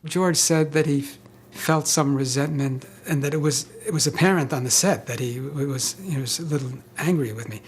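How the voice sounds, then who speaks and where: An older male actor recalling stories in an interview, chatty and halting with fillers and chuckles. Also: a little high, a little hiss or hum. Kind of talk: anecdotal interview.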